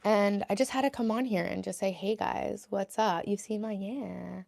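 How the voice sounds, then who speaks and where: A woman's voice: mid-range voice, fairly even intonation, normal speed, creaky, darkish tone. A young woman on a casual live stream, chatting with viewers, answering their comments aloud and sharing self-help thoughts.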